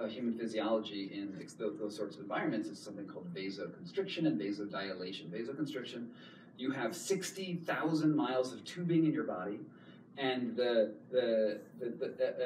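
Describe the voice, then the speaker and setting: A man in his thirties telling a story in an animated talk, repeating words and laughing often as he goes. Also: mid-range voice. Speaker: author giving a talk. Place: public hall. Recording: echoey hall, distant mic, noise.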